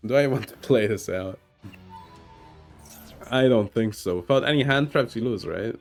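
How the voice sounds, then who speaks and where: A man streaming himself playing a card game, chatting casually in an animated, self-mocking, rambling way full of fillers. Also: medium pitch, normal speed, soft background music. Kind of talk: casual gameplay commentary.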